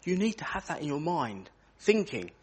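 A man's voice: a little high, normal speed, breathy edge. A man leading an interactive children's talk in church, asking the children questions as he goes. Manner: animated, asks children questions.

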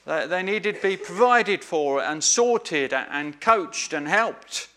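Slow, bright-voiced male preacher. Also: high-pitched, expressive. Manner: earnest, emphatic, with repeated phrases and small restarts. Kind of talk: sermon.

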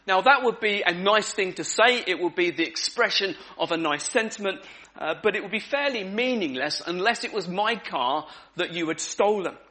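A man delivers a sermon in a high, bright and forceful voice. He talks in a relaxed, conversational way, with frequent ums, and repeats his key words to drive them home. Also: normal speed. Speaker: preacher. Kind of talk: evening sermon.

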